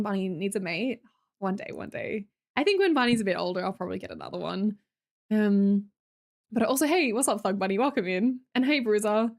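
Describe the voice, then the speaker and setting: A woman's voice: medium pitch, darkish tone. A young Australian woman streamer chatting casually with her viewers, blunt and sweary, laughing often.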